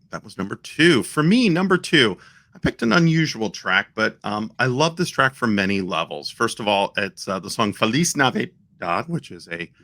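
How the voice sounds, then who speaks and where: A man's voice: lowish voice, dry recording, studio quality. A man co-hosting a casual music show, explaining his song pick with enthusiasm and plenty of fillers. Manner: enthusiastic, animated storytelling with fillers. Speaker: podcast co-host.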